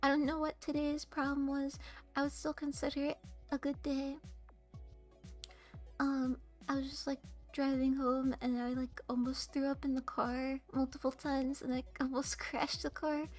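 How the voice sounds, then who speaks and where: High-voiced young woman, flat monotone chat. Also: moderate pace, soft background music. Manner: quiet flat monotone delivery. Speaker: VTuber streamer. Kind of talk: casual livestream chat. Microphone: desk streaming mic.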